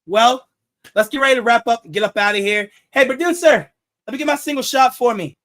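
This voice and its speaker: A young man with a high voice hosts a casual sports talk show. He jokes, laughs at his own jokes and repeats his words as he goes. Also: brisk, fairly bright tone. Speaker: show host.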